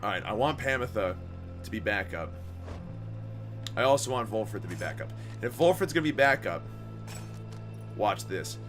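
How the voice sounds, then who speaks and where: A man's voice: lowish voice, lively intonation, moderate pace, long pauses, fairly bright tone, faint music behind. A man giving casual, joking let's-play commentary with a strained throat. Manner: casual, joking, self-deprecating. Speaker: game commentator.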